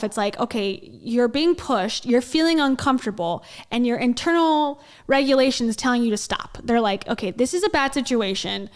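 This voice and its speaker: A woman hosting a casual reaction commentary, sarcastic, laughing and swearing as she talks. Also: a little high. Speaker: commentary host.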